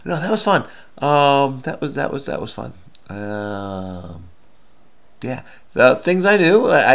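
A middle-aged man thinking aloud as he works through a crossword, muttering to himself between clues. His voice sits at an ordinary middle pitch, and he keeps trailing off into fillers. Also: gravelly, a bit bright. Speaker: crossword solving video host. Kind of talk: casual think-aloud puzzle solving.

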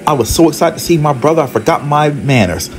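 A man's voice: on the high side, fast, soft background music, pitched above the performer's own voice, natural voice. A man voicing a cheerful, confident, polite male train engine with an eager manner.

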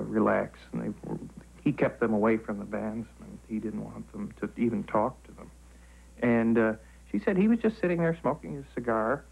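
A man telling a story in an interview, halting and often repeating words. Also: medium pitch, gravelly, husky, narrow, tinny audio.

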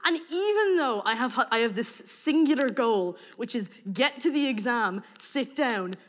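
An Irish woman telling a comic personal story to an audience, lively and acting out the voices of the people in it. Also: a little high, a little slow, big-room sound. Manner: lively, acts out voices, breaks into laughter.

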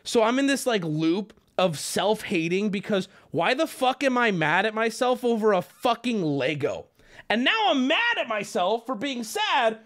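A man livestreaming from his home setup, telling his chat a story in an animated, profane, self-mocking rant. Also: high voice, a little slow.

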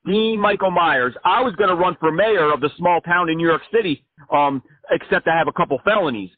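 A man playing a brash, self-important politician who rambles an absurd campaign pitch over the phone. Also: brisk, close to an everyday voice. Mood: pompous. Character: self-important male fringe politician, a smooth-talking blowhard. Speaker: prank caller. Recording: phone-like line.

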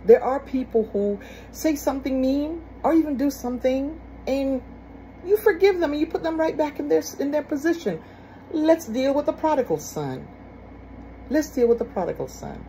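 Emphatic woman with a mellow voice. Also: high voice, lively intonation, normal speed, a little hiss or hum, rough recording. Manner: emphatic, repeats key phrases, rhetorical questions. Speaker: speaker on forgiveness. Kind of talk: casual spoken teaching.

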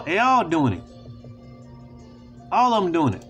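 Man, blunt and preachy, slightly high voice, faint music behind. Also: huge pitch swings, unhurried. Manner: blunt, preachy, profane, repeats "you know what I'm saying". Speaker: video host. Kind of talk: casual monologue to viewers.

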